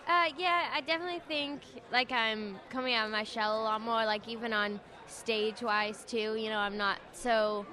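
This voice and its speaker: Answering casual radio interview questions, a singing contestant in her young adult years speaks with an English accent, soft and hesitant and full of fillers as she trails off. Her pitch is fairly high and her pace normal with few pauses, against the chatter of an event crowd.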